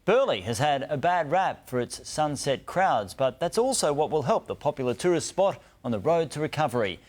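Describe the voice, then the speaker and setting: Australian male newsreader, crisp studio read. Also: a little high, moderate pace. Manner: crisp, even newsreader delivery. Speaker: news presenter. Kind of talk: studio news reading.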